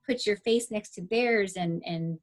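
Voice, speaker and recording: A woman in her forties, a teacher and author as guest, telling stories in an animated way and acting out her own thoughts. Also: medium pitch, unhurried. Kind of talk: casual interview storytelling.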